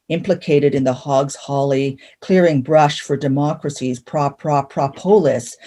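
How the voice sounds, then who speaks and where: A woman from Canada giving a measured, rhythmic reading of her own poetry. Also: deep voice, dark tone. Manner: rhythmic, measured delivery of punning verse. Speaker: poet.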